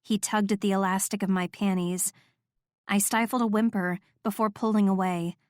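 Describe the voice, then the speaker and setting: A woman's voice: medium pitch, steady tone, moderate pace, dry recording, clean studio sound. Woman narrating a romance audiobook. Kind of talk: first-person romance narration.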